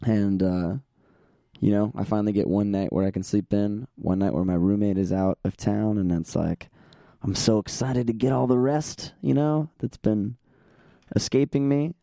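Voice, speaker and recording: A young man hosting a casual solo podcast, hoarse and tired, rambling along in a self-deprecating way and laughing often. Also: steady tone, normal speed, warm tone, dry recording, studio quality. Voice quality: gravelly, sandpapery. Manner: low energy, tired. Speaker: podcast host.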